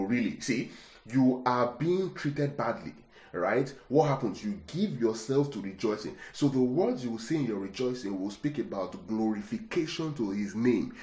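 A man's voice: mid-range voice, expressive, normal speed, darkish tone. A man preaching a sermon, repeating words for emphasis and checking in with rhetorical questions. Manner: keeps asking the congregation rhetorical questions. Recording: echoey room.

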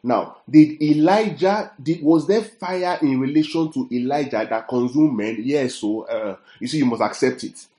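A man preaching a sermon, reading scripture slowly and checking in with his listeners through rhetorical questions. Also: mid-range voice, dark tone, reverberant. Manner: reads scripture aloud slowly.

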